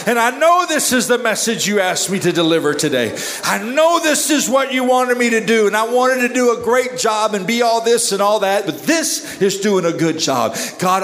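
A man preaching an impassioned altar-call sermon at a church service, moving between hushed and shouted prayer. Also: high voice. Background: musicians playing.

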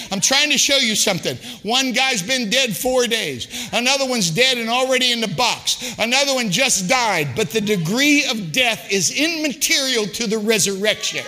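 Impassioned high-voiced man preaching. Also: expressive, moderate pace, few pauses, in a large hall, a crowd in the background, background noise. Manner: impassioned, rhythmic preaching with shouted peaks. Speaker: guest preacher. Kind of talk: sermon. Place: church sanctuary.

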